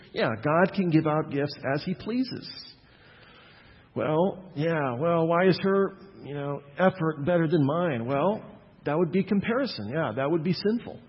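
A man's voice: fairly high pitch, husky. A man preaching a sermon in a conversational way, asking his listeners questions and acting out the quotes he reads. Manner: conversational, asks the audience questions and acts out quotes. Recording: dull lo-fi sound with long hall reverb.

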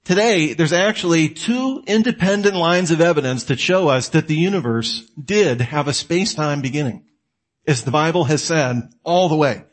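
A man giving a conversational lecture in an animated way, asking the listener questions and answering them himself. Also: fairly high pitch, normal speed. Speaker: apologetics teacher.

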